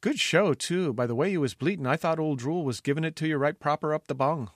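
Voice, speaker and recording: A man's voice: fairly high pitch, a little fast, no echo, studio quality, pitched above the performer's own voice, close to an everyday voice. A man voicing a gossipy, coarse-spoken young castle yeoman in an audiobook reading.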